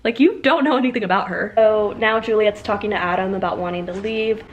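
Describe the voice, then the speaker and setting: A woman's voice: mid-range voice, fairly quick, slight background noise. A young woman in her twenties chatting casually about a novel she is reading, with frequent fillers and exasperated reactions. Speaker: book vlogger.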